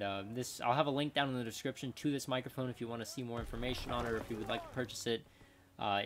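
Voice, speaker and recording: A man's voice: mid-range voice, slight background noise. A man hosting a gaming channel, chatting loosely through gameplay while he tests a desk USB microphone, with lots of fillers and restarts, moving nearer and farther from the mic. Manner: rambling, filler-heavy, self-correcting. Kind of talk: casual gameplay commentary. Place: home gaming setup. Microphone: desk USB condenser microphone, distance changing.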